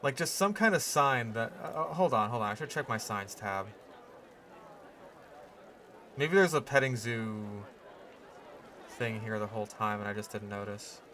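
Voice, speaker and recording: A man's voice: on the low side, lively intonation, moderate pace, bright, forceful tone, slight background noise. A man chatting casually as he builds in a park game, rambling and thinking aloud with plenty of fillers. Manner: musing, rambling, lots of fillers. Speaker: gaming channel host.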